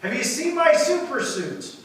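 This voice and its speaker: A pastor putting on an impatient yelling superhero husband. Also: male voice, very high voice, very animated, normal speed, pitched above the performer's own voice, exaggerated voice. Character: exasperated male superhero hunting his suit. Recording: echoey hall from far off.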